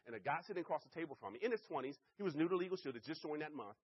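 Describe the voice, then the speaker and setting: A middle-aged man giving a live sales presentation, energetic and constantly checking in with his listeners. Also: fairly high pitch, very fast, slightly rough, highs cut off. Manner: energetic, keeps checking in with the audience. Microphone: handheld or stand mic.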